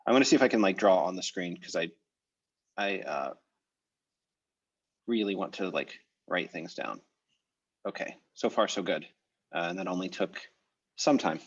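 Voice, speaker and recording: Male teacher, casual think-aloud delivery, lowish voice, muffled video call sound. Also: lively intonation, moderate pace, long pauses, slightly rough. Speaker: language teacher. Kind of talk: online class teaching.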